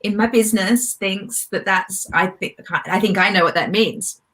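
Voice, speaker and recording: A woman's voice: medium pitch, moderate pace, a bit bright. A woman host and coach talking in an enthusiastic, emotional and emphatic way on a video call. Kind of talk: casual conversation.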